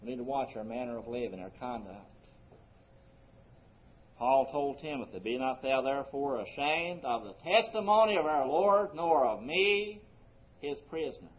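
A man's voice: mid-range voice, animated, moderate pace. Earnest preaching man, muffled lo-fi sound. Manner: earnest preaching, rising emphasis then dropping soft. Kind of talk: sermon. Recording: muffled lo-fi recording.

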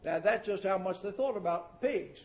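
A high-pitched male preacher delivers a sermon, folksy and emphatic, dropping from loud declaiming into hushed asides. His voice rings through a roomy church. The old recording sounds muffled and dull. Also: moderate pace. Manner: folksy and emphatic, repeats words for effect.

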